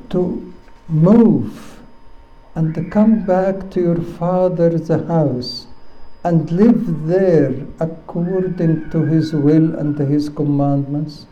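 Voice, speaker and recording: A man's voice: high-pitched, warm tone, lo-fi sound. A man giving a sermon, speaking emphatically and repeating his key phrases. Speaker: preacher.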